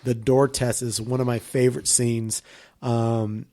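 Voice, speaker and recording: A man's voice: medium pitch, flat delivery, measured pace, mellow. A man as a podcast guest, chatting enthusiastically, rambling and swearing heavily. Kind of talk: casual podcast chat.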